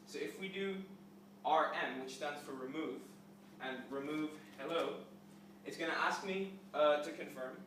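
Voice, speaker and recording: A man's voice: fairly high pitch, measured pace, a bit bright, a little hiss or hum. A young man giving a casual classroom lecture with a live coding demo, explaining step by step with fillers. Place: lecture hall. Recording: echoey hall, mic at a distance.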